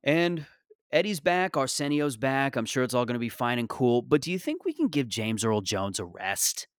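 Man ranting with lively, animated pitch. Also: normal speed, clear, resonant tone, no room sound, clean studio sound. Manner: exasperated, sarcastic, animated. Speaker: comedian. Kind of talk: comedic rant monologue.

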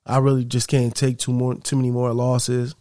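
Brief: anxious struggling mom, low subdued voice, played by a man, dry sound. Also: monotone, moderate pace, warm tone, no room sound, lightly acted. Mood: worried. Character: struggling mother, anxious and doubtful.

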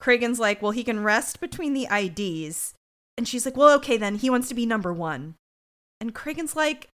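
Woman co-host, lively pitch, blunt and profane, casual recap. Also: moderate pace. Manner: blunt, swears, acts out quotes. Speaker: podcast co-host. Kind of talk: casual chat recapping a TV episode.

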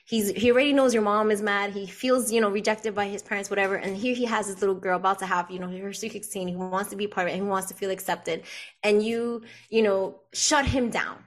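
A woman, a podcast guest telling a personal story in an animated way and acting out the dialogue. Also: medium pitch, a little fast. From the Bronx, New York. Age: 40s. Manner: animated, acts out quoted dialogue, frequent "like".

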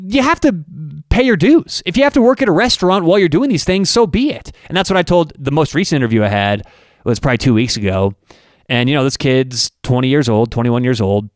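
A man's voice: a little high, dry recording, clean studio sound. A man hosting a podcast, delivering an opinionated, emphatic monologue full of rhetorical questions. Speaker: podcast host and network owner.

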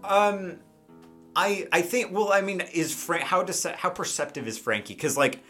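A man's voice: high voice, lively intonation, unhurried, sharp tone, soft background music. A man narrating a tabletop game as game master, rambling with many fillers.

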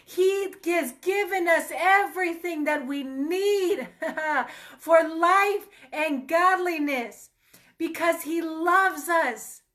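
A woman's voice: very high voice, slow, fairly bright tone. A woman ministering in a fervent online sermon, greeting viewers by name and repeating amen and hallelujah.

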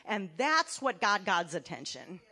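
A woman church elder preaching a sermon, emphatic, asking her congregation many questions and swinging between loud and quiet. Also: medium pitch, very animated, a little slow, husky. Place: church sanctuary.

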